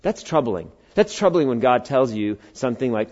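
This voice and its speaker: Middle-aged man, pastor, sermon, conversational, bantering with congregation, acts out quotes, mid-pitched voice, slightly muffled recording. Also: sing-song, moderate pace, a little mellow. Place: church service with congregation.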